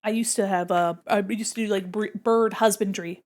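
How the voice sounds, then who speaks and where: A young adult woman chatting casually on her art livestream, excitable and gushing, giggling often. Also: medium pitch, normal speed. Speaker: art streamer.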